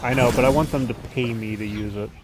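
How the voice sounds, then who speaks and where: A man's voice: mid-range voice, fast talker, music in the background. A man chatting casually over gameplay, joking and swearing often, on a headset mic. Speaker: gamer streamer.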